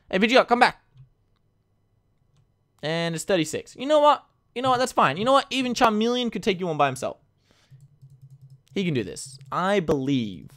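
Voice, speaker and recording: A man giving casual, excitable commentary on a game he is playing, moving from quiet mumbling to sudden loud outbursts. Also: on the high side. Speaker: gaming YouTuber. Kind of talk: casual Let's Play commentary.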